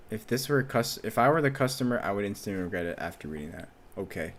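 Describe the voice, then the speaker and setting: A man with a fairly low voice streams from a desk setup, reading posts aloud and tossing off casual, offhand reactions. He swears freely and mutters half to himself. A faint hum of room ambience sits under his voice.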